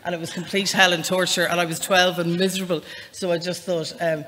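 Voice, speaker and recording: At a live library event indoors, an Irish author with a faint northern lilt chats self-deprecatingly before reading from her novel at an even, measured pace. Her voice is lowish and trails off into a long hall reverb.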